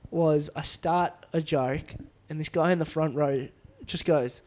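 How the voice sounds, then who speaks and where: A young man with a slightly raised voice tells stories as a podcast guest. He talks in an animated, loose way, laughing often and stringing thoughts together with plenty of fillers. It is relaxed, conversational comedian chat. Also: a little high, measured pace. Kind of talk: casual podcast storytelling.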